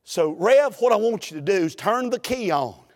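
A woman's voice: mid-range voice, expressive, moderate pace, a little mellow, big-room sound, close to an everyday voice. A man voicing a bold, brash woman fresh from the pool, in a plain-spoken folksy drawl, during a sermon story. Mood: coaxing.

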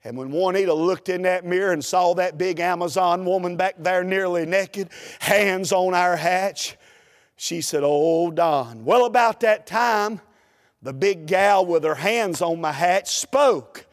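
A preacher spins a comic tale from the pulpit in an animated, folksy way. His voice runs high for a man, and he takes his time. A long reverb from the church hall hangs on every line. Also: a little slow. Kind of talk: humorous sermon storytelling.

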